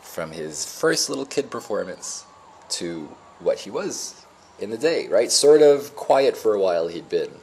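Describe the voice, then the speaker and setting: A man's voice: mid-range voice, a little mellow, slight background noise. A man in his forties telling a rambling, emotional personal story in a reflective, spiritual way. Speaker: vlogger.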